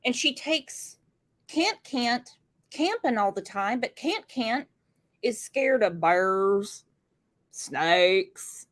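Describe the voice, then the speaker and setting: Slow-talking high-voiced woman commentator. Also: animated. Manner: sarcastic, mocking asides. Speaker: true crime commentary host. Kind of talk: casual commentary on clips.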